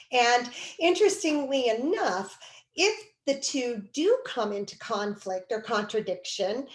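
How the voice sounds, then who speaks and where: A woman instructor giving a recorded video lecture, lively and expressive, acting out quoted speech as she explains. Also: a little high, reverberant, rough recording.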